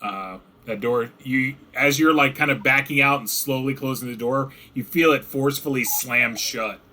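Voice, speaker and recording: A man runs a tabletop game as game master, with a bright, forward tone. He narrates loosely, filling the gaps with likes and ums. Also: mid-range voice, normal speed, slight background noise.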